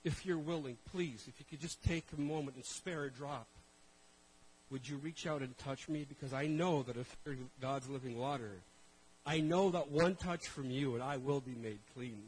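A man's voice: mid-range voice, normal speed, breathy edge, close to an everyday voice, poor audio. A preacher voicing an unclean man who earnestly begs to be touched and made clean. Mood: pleading. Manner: earnest, beseeching. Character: pleading unclean adult man asking for healing.

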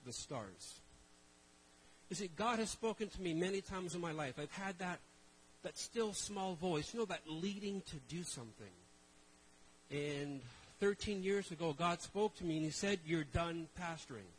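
A middle-aged traveling minister preaches conversationally to a live congregation, mixing self-deprecating jokes with rhetorical questions. His voice sits high at a moderate pace, and the rough recording carries a little hiss or hum.

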